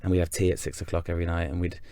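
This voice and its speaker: With a deep, dark voice and flat delivery, a North Yorkshire actor races through his thoughts; there's no echo. In this casual interview from England, he's thoughtful yet rambling, frequently restarting sentences.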